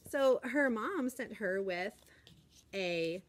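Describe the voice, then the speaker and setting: A woman teacher talks in a bright, chatty way as she films in her classroom. Her voice sits in the middle of the range, and the recording has a faint hiss. She holds the camera herself and keeps the talk casual. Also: animated, slow pace. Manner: chatty and upbeat, acts out kids in a high voice. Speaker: elementary school teacher. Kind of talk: casual classroom vlog chat. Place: classroom, indoors.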